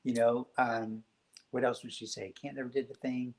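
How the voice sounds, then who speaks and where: A man speaking as a guest on a spiritual talk show, telling stories in a gentle, reflective way. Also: medium pitch, flat delivery, moderate pace, poor audio.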